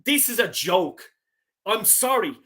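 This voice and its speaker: A man's voice: high voice, sing-song, slow pace, pushed and bright. A man ranting angrily about his football club, swearing constantly and apologizing for it. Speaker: fan channel host. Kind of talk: angry football fan rant.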